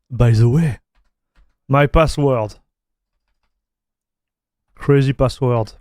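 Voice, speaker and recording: During a casual tech stream, a man with a French accent talks loosely as he installs software, repeating words and using many fillers. His medium-pitched voice is a little mellow with drawn-out words, captured in a dry, studio-quality recording.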